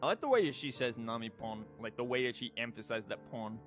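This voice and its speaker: A man in his thirties streams a game, chatting casually with a mid-range, sing-song voice at a fast clip. His talk is rambling and jokey, packed with fillers, with game music playing behind him.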